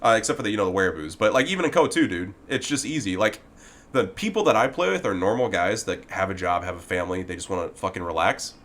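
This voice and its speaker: A man's voice: low-pitched, lively intonation, fast, fairly bright tone. Heated, profane man ranting. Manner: talks directly to the person he criticizes. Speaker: gaming commentator. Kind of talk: ranting commentary video.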